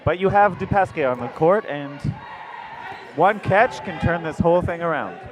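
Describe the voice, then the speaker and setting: A man's voice: fairly high pitch, animated, normal speed. A man giving live color commentary with dry, wry humor.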